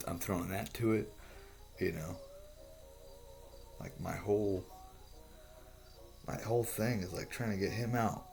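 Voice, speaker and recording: A man explaining a drawing in a rambling, halting way, swearing often and restarting his sentences. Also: deep voice, vocal fry. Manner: profane, halting, full of restarts.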